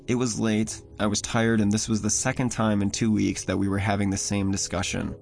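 A man narrating a first-person horror story in a measured, somber way. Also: on the low side, flat delivery, vocal fry. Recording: voice over soft music.

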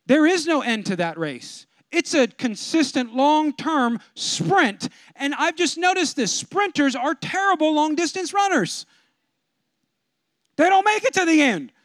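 A man preaching a sermon as pastor, telling a comic story and swinging from low asides to loud preaching. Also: sing-song, measured pace, no room sound. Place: church.

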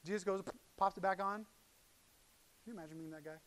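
A middle-aged man preaching from the pulpit in a fairly high voice. He tells the story with animated energy, jumping from loud, excited outbursts to quiet, hushed asides as he acts out the characters. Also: quick pace. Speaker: pastor. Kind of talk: sermon.

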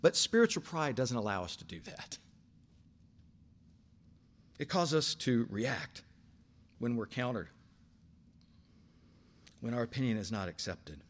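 An older man preaching a sermon, telling stories with big swings from quiet asides to shouted lines. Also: medium pitch, unhurried, pauses often. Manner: animated storytelling, swings from soft asides to shouting. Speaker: pastor.

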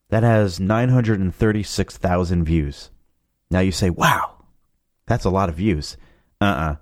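A man with a lowish voice talks casually through a run of funny clips, amused and chatty and quick to laugh. The sound is close and dry, with no room around him. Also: darkish tone, no room sound. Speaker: video reaction host. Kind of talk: casual commentary.

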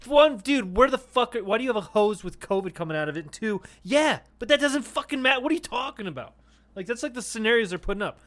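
This man talks with a high voice as he co-hosts a comedy podcast. He swears freely and laughs a lot. He acts out exaggerated quotes in his casual banter. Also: lively intonation, quick pace, a bit bright. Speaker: podcast co-host.

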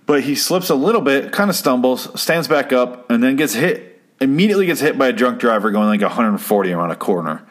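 Profane, sarcastic low-voiced man. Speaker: commentator reviewing a TV episode. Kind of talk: casual chat.

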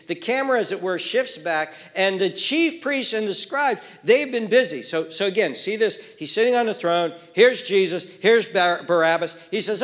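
Male preacher, higher register, dramatic sermon delivery that drops to a hush. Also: very animated, normal speed, hardly any pauses. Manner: dramatic, swings from loud emphasis to hushed near-whisper. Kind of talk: expository sermon.

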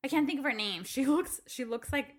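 A woman co-hosting a podcast in casual chat, telling animated stories about her son and acting out his lines. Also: high voice, a little fast. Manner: animated storytelling, acts out her toddler's lines. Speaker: podcast co-host.

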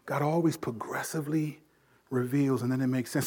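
A man preaching a sermon, his voice sitting a touch higher than most men's. He swells loud on key points, then falls quiet and low to drive them home. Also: moderate pace. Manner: preaching with emphatic swells and drops in volume. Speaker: pastor.

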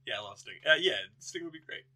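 A man's voice: on the high side, lively intonation, fast talker, sharp tone. A man co-hosting a podcast, rambling and joking as he recaps a film, with casual swearing. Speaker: podcast co-host.

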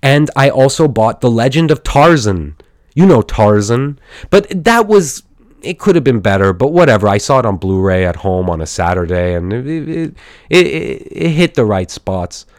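A man's voice: mid-range voice, very animated, moderate pace, no echo, studio quality. A man hosting a casual solo podcast, rambling enthusiastically with many fillers and restarts. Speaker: podcast host.

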